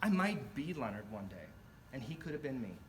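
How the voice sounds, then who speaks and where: A middle-aged man telling a personal story in a club speech, animated and acting out the voices of the people in it. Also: mid-range voice, brisk, slight background noise. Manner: animated, acts out quoted voices. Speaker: club speaker.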